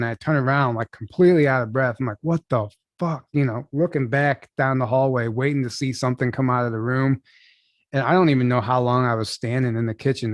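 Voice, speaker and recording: A young adult man telling a personal story as an interview guest over a video call, casual and halting, full of restarts and "like". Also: medium pitch, no echo.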